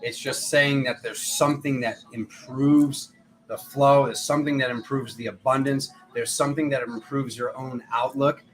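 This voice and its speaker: A man doing tarot readings in a casual, rambling live stream, chatty and quick to poke fun at himself. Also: medium pitch, steady tone, slight background noise, rough recording. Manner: chatty, rambling, self-mocking. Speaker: tarot reader.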